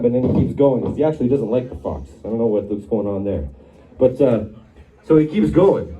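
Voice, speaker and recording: A man's voice: mid-range voice, brisk, phone-quality sound. A man fronting a band, cracking rambling jokes with the crowd between songs at a live bar show. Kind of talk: on-stage banter between songs. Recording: distant room mic over crowd and band.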